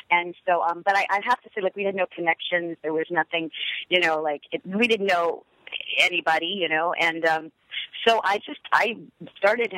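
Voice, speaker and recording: A middle-aged actress calling in as a guest, chatting enthusiastically with many fillers. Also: female voice, medium pitch, fairly bright tone, dry recording, rough recording. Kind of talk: phone-in interview.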